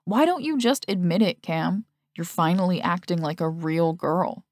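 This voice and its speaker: A woman's voice: on the low side, normal speed, no echo, lightly acted. A woman voicing a teasing teenage boy, smug and taunting.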